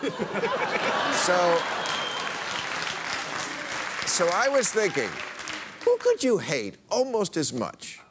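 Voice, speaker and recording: Sarcastic male host with a high, lively voice. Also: extremely slow, long pauses. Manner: sarcastic, mocking punchline delivery. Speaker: late-night talk show host. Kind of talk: stand-up comedy monologue. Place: TV studio with a live audience. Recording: live studio audience, noisy broadcast. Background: studio audience laughter and applause.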